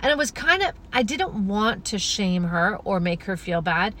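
Gentle, earnest woman podcast host. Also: medium pitch, sing-song, moderate pace, slight background noise. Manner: gentle, flowing and earnest, with many soft asides. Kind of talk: spiritual podcast monologue.

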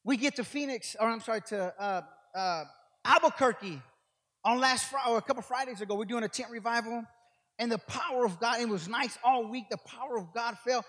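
An older man preaching as a guest speaker, telling rambling stories that build to shouted preaching. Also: very high voice, brisk. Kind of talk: sermon. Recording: long hall reverb.

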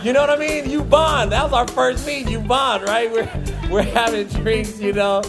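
High-voiced comedian spinning a story over music. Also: male voice, moderate pace. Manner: animated, laughing, self-mocking. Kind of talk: comic personal storytelling. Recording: music bed under the voice.

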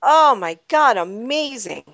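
A woman's voice: on the high side, expressive, slow pace, fairly bright tone, dry recording. A woman hosting a casual sports podcast, giggly and rambling, often laughing at herself. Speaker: podcast host.

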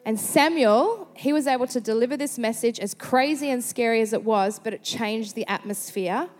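Australian woman preacher, slightly high voice, chatty storyteller, reverberant hall. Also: normal speed. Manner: chatty, animated storyteller who slips into quoted voices. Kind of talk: sermon with personal storytelling. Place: large church hall.

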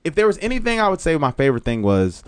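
Animated Jamaican-accented man telling stories. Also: on the high side, very fast, smooth, no room sound. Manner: animated storyteller who slips into voices. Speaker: podcast guest. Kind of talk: casual chat.

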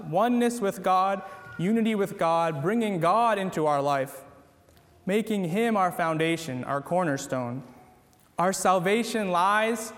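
A man delivers an earnest church sermon in a noticeably high voice. He drives his points home with short, repeated phrases. The sound carries a long reverb from a large hall. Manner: earnest, repetitive exhortation. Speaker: preacher.

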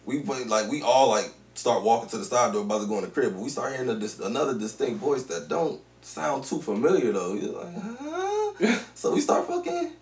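A man co-hosting a podcast, telling a long story in a casual, slangy, animated way with lots of swearing. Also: medium pitch, fast talker, vocal fry, hardly any pauses. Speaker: podcast co-host. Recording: roomy, distant mic.

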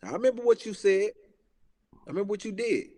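A man in his early thirties rants about politics in a casual talk show, heated, profane and emphatic, hammering each point again and again. His voice sits a little high for a man and trails off into a long reverb. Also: lively intonation, quick pace, warm tone. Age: 30s.

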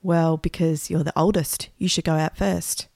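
A woman's voice: low voice, steady tone, moderate pace, vocal fry, a little mellow, no room sound, clean studio sound. A woman voicing a bossy, bold young girl who gives orders and teases. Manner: commanding and teasing.

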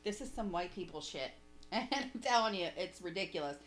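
A woman's voice: fairly low pitch, a little fast. Chatty woman on a podcast, swears a lot, laughs constantly, voice jumps all over the place. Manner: profane, laughs often, animated mocking impressions. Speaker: podcast co-host. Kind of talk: casual comedic chat.

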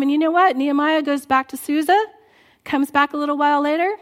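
A woman preaching a sermon in church, earnest and exhorting, dropping soft and low at times. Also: fairly even intonation, brisk. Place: church sanctuary.

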